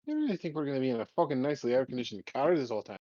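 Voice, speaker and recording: A man's voice: mid-range voice, rapid-fire, no room sound. A man playing a tabletop role-playing game, talking bluntly and swearing often. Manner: profane, blunt, animated. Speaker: player. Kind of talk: casual tabletop role-play chat. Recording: dull lo-fi sound.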